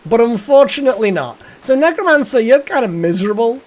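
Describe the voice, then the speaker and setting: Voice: medium pitch, big pitch swings, fairly quick, darkish tone. A streamer giving live gameplay commentary, thinking aloud, muttering and swearing at the game.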